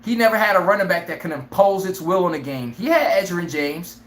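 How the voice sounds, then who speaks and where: Brash, laughing live sports-stream host. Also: male voice, high-pitched, brisk, echoey room. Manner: brash, animated, laughs often, acts out players' lines. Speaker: sports talk show host.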